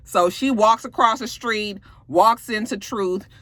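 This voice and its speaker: A woman vlogger walks through an episode in a casual, animated recap. She swears freely and throws in sassy asides. Her voice sits at an ordinary pitch and sounds dry and close. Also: measured pace, dry recording. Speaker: TV episode reviewer.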